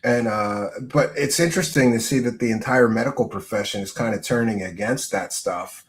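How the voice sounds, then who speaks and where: A man's voice: lowish voice, brisk. A man hosting a casual livestream, commenting on a clip with mocking asides, laughter and crude remarks. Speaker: show host.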